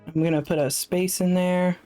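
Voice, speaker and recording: Woman streamer, lowish voice, unhurried, chatty and self-deprecating, soft music under her. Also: steady tone. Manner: chatty, self-deprecating, thinks aloud with fillers. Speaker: streamer playing a solo tabletop game. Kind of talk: casual live-stream chat.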